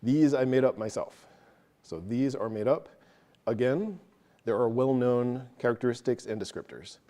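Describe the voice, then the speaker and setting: A man's voice: lowish voice, warm tone. A man presenting at a tech meetup, casually walking an audience through code step by step, with self-deprecating asides. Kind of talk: live technical walkthrough of code.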